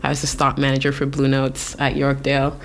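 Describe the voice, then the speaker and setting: Speaking briskly in a rumbling low voice, a Canadian tattoo artist guest relaxes into her story, peppering it with likes and ums and acting out quotes.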